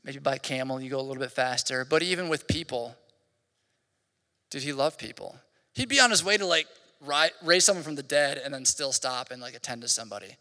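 Bright-voiced young male pastor in a reverberant hall. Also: mid-range voice, a little fast. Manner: casual, rambling, heavy use of "like". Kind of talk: conversational sermon. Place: church hall.

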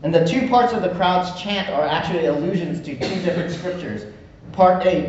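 A man delivers a sermon in a conversational way, often turning to the room with "right?". His slightly high voice comes from a distance in a very echoey hall. The sound is dull and muffled, with faint noise behind it. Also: moderate pace. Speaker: pastor.

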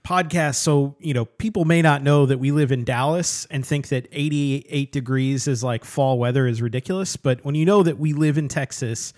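Man, podcast host, easygoing, casual chat, medium pitch. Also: moderate pace, few pauses, a little mellow.

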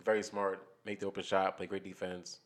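Man, lowish voice, casual podcast co-host, rambling sports talk, restarts mid-thought. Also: level tone, a little fast. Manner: loose, rambling, thinks aloud with restarts.

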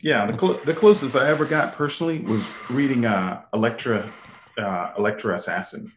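A man in casual chat, halting and repeating words as he talks, laughing often. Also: medium pitch, a little hiss or hum. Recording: echoey room.

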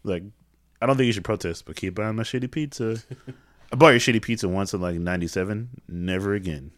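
A man with a fairly low voice who talks fast and throws in dry sarcastic jokes. He co-hosts a casual comedy chat. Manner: dry sarcastic quips, laughing. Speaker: podcast co-host.

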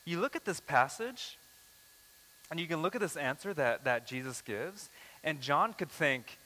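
A man preaching a conversational sermon, acting out quoted lines and shifting between quick and slow phrases. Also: on the high side, animated, sharp tone. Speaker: pastor. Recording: reverberant hall.

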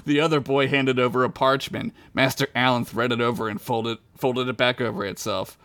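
A man's voice: medium pitch, fairly even intonation, fairly quick, fairly bright tone, dry recording. A man hosting and reading an irreverent comic story, often laughing and correcting himself mid-sentence. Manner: laughing, rambling, self-correcting. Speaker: host and storyteller.

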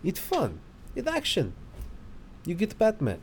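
Bit voice: man doing deadpan fake-Russian tough guy, terse broken sentences. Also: high-pitched, unhurried, a little hiss or hum, pitched above the performer's own voice, full character voice. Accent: mock Russian. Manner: clipped, flat short sentences. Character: blunt Russian-accented man with broken grammar.

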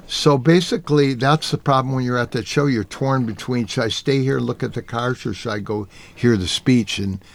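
A man with a gravelly, fry-edged voice talks as an auto journalist on a casual radio show. He tells long, winding anecdotes at an easy pace. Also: medium pitch, normal speed, hardly any pauses. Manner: rambling anecdotal storyteller.

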